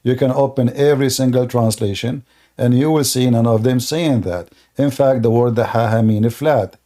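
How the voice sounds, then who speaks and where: A man hosting a live debate stream, hammering at callers with insults and interruptions. His voice is dark and mellow at a middling pitch, and his speech stumbles with repeated words and restarts. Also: normal speed. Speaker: debate show host.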